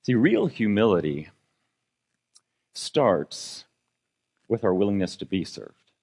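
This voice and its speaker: Male pastor, conversational sermon delivery, engages the congregation, rises and drops in pitch. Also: sing-song, slow pace, darkish tone, slightly rough. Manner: conversational preaching with congregation questions; fillers and restarts, dynamic pitch and volume.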